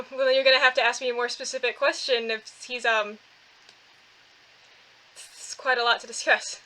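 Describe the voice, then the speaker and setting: A woman's voice: on the high side, steady tone, normal speed, pushed and bright, rough recording. A woman voicing a friendly middle-aged male temple keeper who speaks politely and hesitantly. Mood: courteous.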